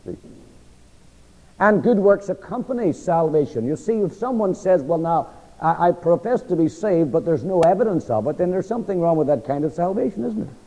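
A middle-aged man teaches scripture in a sermon style, his voice mellow but animated and a little thick with a frog in his throat. He keeps tossing questions to the congregation so they can finish his lines. It comes from a lo-fi recording with long reverb from the church hall. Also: high-pitched, normal speed. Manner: asks the audience to fill in words. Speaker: preacher teaching a Bible class.

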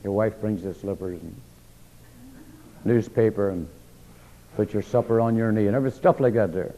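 A man's voice: on the low side, normal speed, pauses often, darkish tone. A male preacher delivering a sermon, quizzing his listeners with questions and driving points home through repetition. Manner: call-and-response questions, emphatic repetition. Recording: dull long-reverb church hall recording.

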